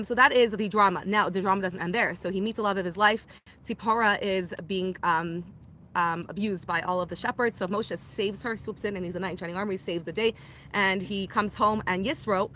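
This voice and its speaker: A woman teaching a weekly Torah class, retelling the story in a lively, animated way and acting out the characters' lines. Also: medium pitch, fairly quick, a little hiss or hum.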